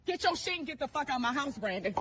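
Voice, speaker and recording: Furious woman screaming, very high and bright. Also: sing-song, fast talker, a little hiss or hum. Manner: furious, shouting confrontation. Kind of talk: heated argument.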